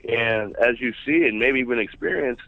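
A male caller phoning into a talk show, chatting casually in a relaxed, rambling way with lots of fillers. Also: mid-range voice, normal speed, creaky, no room sound. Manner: relaxed, rambling, with many fillers like bro and man. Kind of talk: casual chat. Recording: dull lo-fi phone line.

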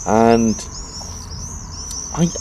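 A man co-hosting a casual podcast, lively and laughing as he chats. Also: mid-range voice, extremely slow, a little hiss or hum. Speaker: podcast co-host. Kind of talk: casual chat.

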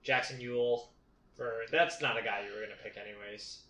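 A young man chats on a podcast with a bright, forceful tone, sure of his opinions and playfully cocky. The sound is roomy, with echo off the walls. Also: on the low side, steady tone, fairly quick. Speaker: podcast host. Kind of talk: casual podcast chat.

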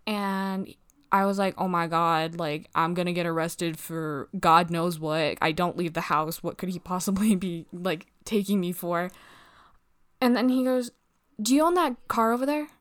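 A young woman telling a casual, profane story, acting out quotes in a lively way. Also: lowish voice, a little slow, clear, resonant tone. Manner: profane, animated retelling with acted quotes.

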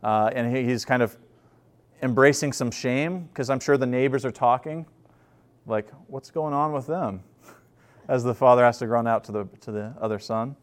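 A man's voice: mid-range voice, fairly even intonation, normal speed. Conversational male preacher. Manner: conversational, storytelling with frequent fillers and restarts. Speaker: pastor. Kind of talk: sermon.

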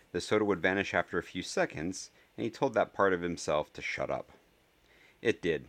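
A man with a very low voice reads fiction aloud in a steady, measured way. His asides are casual, with the odd um. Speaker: audiobook reader.

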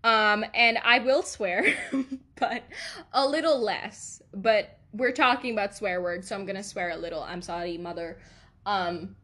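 A woman's voice: mid-range voice, unhurried, sharp tone. A young woman hosting a podcast, telling stories in a rambling, confessional way and laughing often. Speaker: podcast host. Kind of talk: casual confessional chat.

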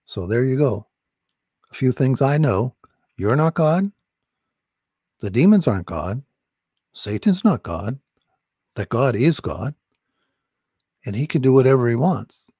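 A man with a dark, gravelly voice preaches with urgent, insistent repetition, leading a prayer for salvation. The sound is dry and close, with no room around it. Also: medium pitch, very animated, a little slow, long pauses, dry recording. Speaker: deliverance preacher.

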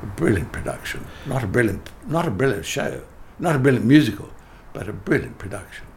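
A man's voice: on the low side, big pitch swings, brisk, gravelly, darkish tone, a little hiss or hum. An older man, a theatre director telling emphatic anecdotes in an interview, often restarting his sentences. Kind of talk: interview conversation.

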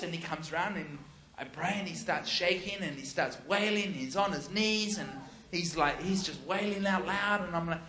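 A man preaching, telling a lively story and acting out the quoted lines with laughter. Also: sits high, moderate pace. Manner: animated, laughing, acts out quotes. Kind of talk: storytelling sermon.

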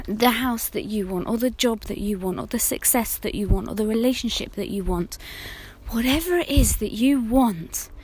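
Woman, slightly high voice, slow and intimate; solo host monologue with hushed asides. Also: slightly rough. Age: adult mother of older children. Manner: earnest, intimate, often dropping to a hushed near-whisper. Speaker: podcast host on infertility.

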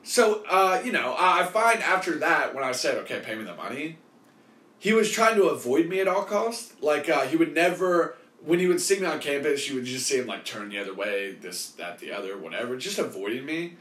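Animated male host, rambling storyteller, softened swearing, echoey room. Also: a little high, fairly quick, few pauses. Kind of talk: casual storytelling.

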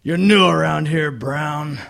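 An actor playing a brash, violent tough guy with a gravelly voice in an audio drama. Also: fairly high pitch, takes it slowly, a bit bright, full character voice.

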